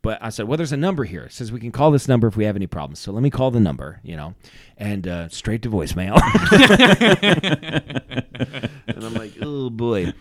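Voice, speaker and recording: A male podcast co-host with a lowish voice tells a story quickly in casual chat, animatedly acting out the voices of the people involved. The studio sound is clean, with no room sound.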